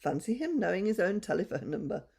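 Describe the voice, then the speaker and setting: A woman's voice: mid-range voice, very animated, fast, creaky, warm tone, slightly rough, heavily acted. Woman reading a kind chatty caller. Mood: friendly. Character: friendly woman on the telephone.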